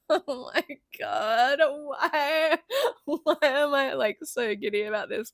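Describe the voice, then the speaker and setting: A woman's voice: on the high side, a little slow, creaky, no room sound, clean studio sound. A woman hosting a reaction video, gushing giddily with frequent squeals and laughs.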